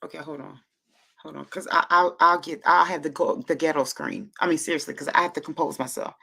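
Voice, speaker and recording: A woman's voice: deep voice, fairly even intonation, a little fast, creaky, sharp tone. A woman hosting a casual livestream, gushing and emotional, close to tears, who stammers and repeats herself. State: moved to near tears. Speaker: livestream host.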